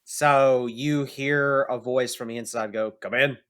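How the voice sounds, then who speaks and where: A man's voice: mid-range voice, fairly even intonation, unhurried, clean tone. A man narrating as game master of a tabletop game, casual and hesitant with fillers.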